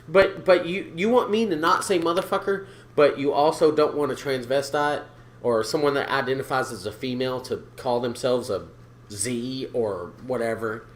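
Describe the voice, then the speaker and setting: A man's voice: mid-range voice, normal speed. A man co-hosting a podcast, chatting casually, swearing freely and acting out quoted people. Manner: animated, swears a lot, acts out quotes. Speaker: podcast co-host. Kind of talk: casual profane chat.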